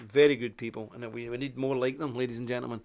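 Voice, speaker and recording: A man's voice: medium pitch, steady tone, fast talker, darkish tone, slight background noise. A middle-aged man with a Northern Irish accent, hosting a live online commentary, rambling and indignant as he reads from a paper and greets viewers. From Northern Ireland. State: coughing. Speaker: host.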